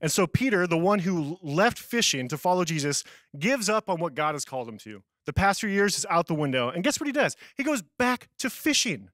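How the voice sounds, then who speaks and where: Young male youth pastor, casual sermon, laughs at himself, slightly high pitch, dry sound. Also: very animated, a little fast, hardly any pauses, fairly bright tone, no echo. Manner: casual, self-deprecating storytelling with laughs.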